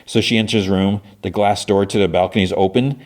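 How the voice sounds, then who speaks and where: A man's voice: fairly low pitch, fairly even intonation, fast talker. A middle-aged man hosting a podcast, casually recapping a show with a rambling manner. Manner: rambling, many fillers and restarts. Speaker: podcast host.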